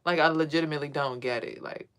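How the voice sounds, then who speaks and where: A spiritual vlogger delivers a casual monologue to her live chat, blunt and profane, telling stories with emphasis. Her voice is low and a bit bright, fast, with fairly even intonation.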